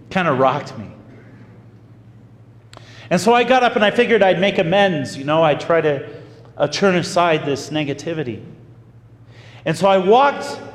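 A man preaching as a pastor, telling a story in an animated, folksy way. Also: on the high side. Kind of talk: storytelling sermon. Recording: echoey hall with faint ambience.

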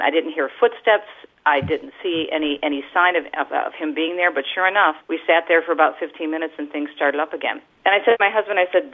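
A middle-aged woman tells a story quickly, her words tumbling out with plenty of fillers. She comes through a thin, tinny phone line. She sounds like an author and radio host being interviewed. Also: low-pitched. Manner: animated storyteller, frequent fillers.

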